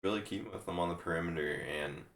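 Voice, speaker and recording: Young male vlogger, deep and gravelly, voice fading and hoarse, rambling casual sports reaction. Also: quick pace, a bit bright. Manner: rambling, restarts often, loose and offhand. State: losing his voice. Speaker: sports video host. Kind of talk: casual draft reaction commentary.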